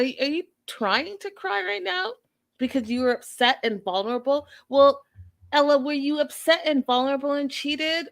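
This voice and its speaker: A woman hosting a casual reality TV recap, sassy and blunt with an exasperated edge. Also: sits high. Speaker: podcast host.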